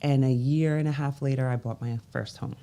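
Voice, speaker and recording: A woman's voice: fairly even intonation, brisk, dark tone. A woman from Brooklyn, a business coach telling her life story candidly as a guest, breaking off to voice other people. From Brooklyn, New York. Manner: candid storytelling with restarts, voicing others in raised pitch. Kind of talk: interview.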